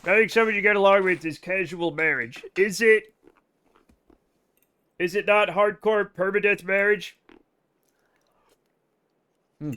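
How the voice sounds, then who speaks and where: Bright-voiced male streamer rambling to chat. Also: high voice, measured pace, long pauses, clean tone. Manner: rambling, talks straight to chat. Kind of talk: live game-stream chat.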